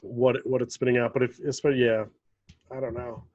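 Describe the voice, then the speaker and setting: A man's voice: medium pitch, level tone, fairly quick, darkish tone, no echo, dull audio. Jokey man co-hosting a podcast. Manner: jokey, trailing off mid-thought. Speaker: podcast co-host. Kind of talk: casual chat.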